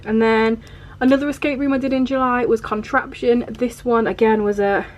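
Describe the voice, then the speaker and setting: A woman's voice: a little high, steady tone, moderate pace, highs cut off. A woman vlogger chatting casually through her journal pages, rambling and peppering her talk with fillers. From England.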